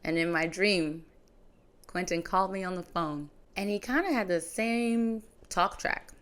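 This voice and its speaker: A woman hosting a podcast, reflectively retelling a personal story in a conversational way, her phrases often trailing off softly. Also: on the low side, unhurried. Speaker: podcast host.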